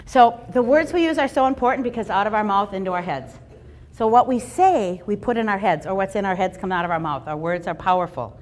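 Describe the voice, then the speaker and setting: A middle-aged woman giving a motivational keynote talk to a live audience in a large room, animated and playful, acting out little voices. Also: medium pitch, brisk. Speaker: fundraising speaker.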